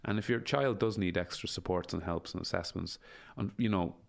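Guy in his 40s, low gravelly voice, repeats stuff for emphasis, swears a lot. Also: fairly quick. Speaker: interview guest. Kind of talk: casual conversational interview.

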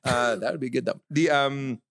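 Telling stories at his own expense and laughing as he goes, a man co-hosts a live podcast in front of a festival crowd. His mid-range, fairly bright voice has vocal fry and a moderate pace, captured with studio quality and no echo.

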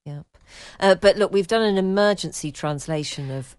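Low-voiced woman host, dry recording. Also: moderate pace, darkish tone, clean tone, dry recording. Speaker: podcast host. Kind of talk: casual chat, reading listener emails.

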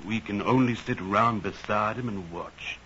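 An actor playing a devout, slow-spoken servant in an old radio drama. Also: male voice, on the low side, pushed and bright, dull audio, slight background noise. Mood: resigned. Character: devout servant man Hero.

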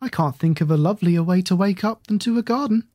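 A reader voicing a cheerful, kindly eccentric aunt in a storybook, gentle and reassuring. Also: medium pitch, quick pace, dry recording, pitched above the performer's own voice, lightly acted. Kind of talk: storybook character voice.

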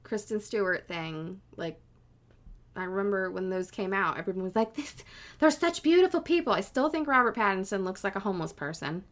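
A woman co-hosting a podcast in casual chat, animated and rambling, laughing often. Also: mid-range voice, brisk, a little hiss or hum. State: mildly sick. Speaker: podcast co-host.

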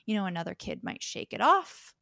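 A woman's voice: medium pitch, wildly swooping pitch, brisk, vocal fry, sharp tone, dry recording, clean studio sound. A young woman speaking as a guest in a podcast conversation. She talks thoughtfully and explains her ideas through examples. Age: young adult.

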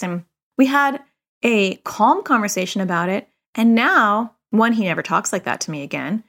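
A woman's voice: medium pitch, animated, moderate pace, fairly bright tone. A middle-aged woman hosting a parenting podcast, talking in a casual, chatty way full of "like" and "you know".

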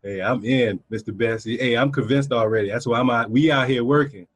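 A man's voice: medium pitch, brisk, breathy edge, no room sound. A man hosting a casual interview, eagerly agreeing and asking loosely worded questions. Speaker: host.

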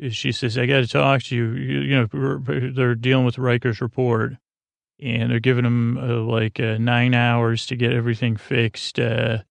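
Halting, gravelly man recapping an episode. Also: medium pitch, level tone, no room sound. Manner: rambling, halting, lots of fillers and restarts; paraphrases characters in a loose, jokey way. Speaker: podcast host retelling an episode. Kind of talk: soft-spoken bedtime recap.

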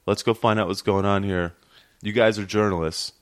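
A man co-hosting a casual podcast recap, chiming in with asides and laughing easily. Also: fairly low pitch. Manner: animated, quick to laugh, chimes in with asides. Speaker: podcast co-host. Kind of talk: casual chat recapping a show.

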